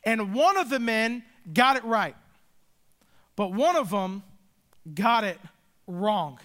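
High, bright-voiced male preacher. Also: animated. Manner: earnest, emphatic preaching with dramatic pauses. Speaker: pastor. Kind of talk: sermon.

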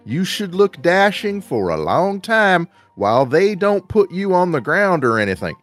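A man's voice: sits high, very animated, unhurried, fairly bright tone, faint music behind. A man co-hosting a podcast, joking in a mock-instructional way. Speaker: podcast co-host. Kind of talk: casual chat.

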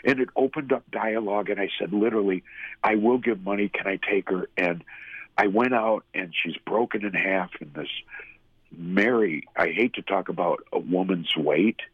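A middle-aged man, a radio personality, telling a personal faith story in a halting, heartfelt way. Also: low-pitched, slightly rough, dry recording, narrow, tinny audio. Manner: halting storytelling with restarts, emotional. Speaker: guest, former radio host. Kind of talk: personal testimony in an interview.

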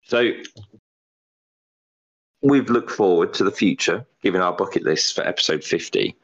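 Deep-voiced young man, rambling podcast chat. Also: moderate pace, breathy edge, highs cut off. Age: 20s. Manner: rambling, self-deprecating, repeats words while thinking. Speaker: podcast co-host. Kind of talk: casual chat.

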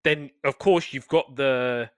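A man's voice: takes it slowly, smooth, no room sound. A man, co-hosting a casual sports podcast and talking animatedly. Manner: animated, gets loud and high when excited. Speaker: podcast co-host.

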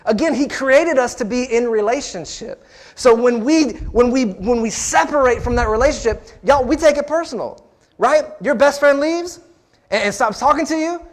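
A man's voice: extremely high pitch, normal speed. A male pastor preaching a sermon, repeating phrases and calling out to the congregation.

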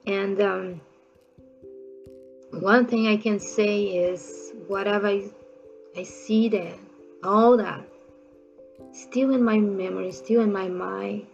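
A woman with non-native English phrasing tells a personal memory in a halting way, with frequent pauses and fillers. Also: mid-range voice, fairly even intonation, vocal fry, lo-fi sound, faint music behind. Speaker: storyteller. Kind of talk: personal recollection told casually.

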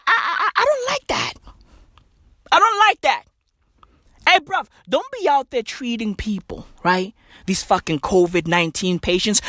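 Male comic, high voice that leaps all over, swears constantly, unhurried rant. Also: dry recording, clean studio sound. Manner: animated, swearing heavily, slang-filled, jumps between loud and soft. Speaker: comedian. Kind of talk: profane comedic rant.

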